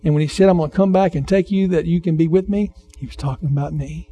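Warm, mellow-voiced man preaching. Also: a little high, quick pace. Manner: conversational, repeats phrases and questions the congregation. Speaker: pastor. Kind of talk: sermon.

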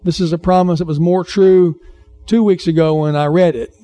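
A man's voice: high voice, fairly even intonation, normal speed, dark tone, faint music behind. A man preaching a sermon as pastor, conversational, repeating phrases and questioning the congregation.

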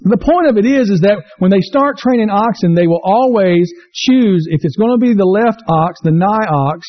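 Preacher guy, highish voice, cracking jokes in church, kinda muffled sound. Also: animated, normal speed. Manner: joking, folksy storytelling, asks the congregation questions. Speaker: pastor. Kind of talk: folksy sermon. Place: church sanctuary.

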